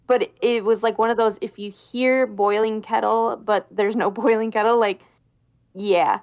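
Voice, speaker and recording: A woman's voice: medium pitch, moderate pace, lo-fi sound. A woman from Minnesota, chatting casually on a podcast and telling a creepy story with lots of fillers. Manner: animated storyteller, hesitant fillers. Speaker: podcast guest. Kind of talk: casual chat.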